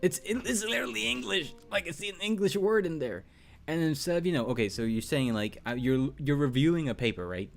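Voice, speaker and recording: A man's voice: a little high, animated, brisk, gravelly, faint music behind. A man hosting a casual group call, laughing often and bantering. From Puerto Rico. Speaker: show host.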